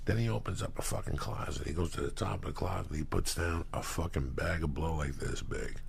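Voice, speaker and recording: Here a storyteller guest, a middle-aged man from New Jersey, tells profane stories casually and acts out the people he quotes with animated flair. His gravelly voice sits extremely low and moves fairly quickly. A slight hiss or hum is audible.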